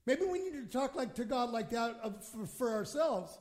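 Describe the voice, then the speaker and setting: High-voiced pastor preaching with passion. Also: male voice, animated, normal speed. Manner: impassioned preaching, swings from hushed to shouting; acts out quoted prayers in his own voice. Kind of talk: sermon.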